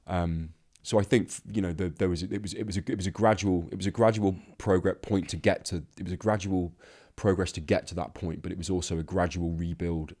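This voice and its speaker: Low-voiced man, reflective and halting. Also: fairly even intonation, a little mellow. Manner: reflective, halting, many restarts. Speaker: interview guest, actor. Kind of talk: candid conversational interview.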